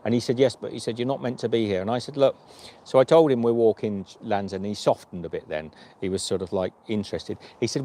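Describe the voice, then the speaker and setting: A man's voice: mid-range voice, fast talker, hardly any pauses, dark tone. A man, a hiking vlogger chatting on a livestream and telling stories with quoted dialogue. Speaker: vlogger and long-distance hiker. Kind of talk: livestream storytelling chat.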